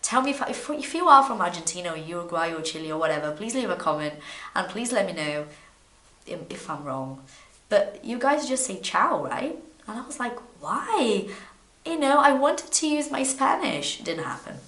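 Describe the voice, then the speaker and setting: A woman, teaching English in a chatty, animated way. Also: medium pitch, brisk. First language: Portuguese. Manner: chatty, animated, repeats words when restarting. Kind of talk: casual video lesson. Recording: echoey room.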